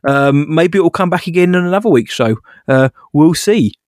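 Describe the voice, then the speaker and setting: A man co-hosting a podcast, easygoing and quick to laugh. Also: on the high side, animated, a little mellow, no echo, clean studio sound. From United Kingdom. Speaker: podcast co-host. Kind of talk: casual chat. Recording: faint music behind.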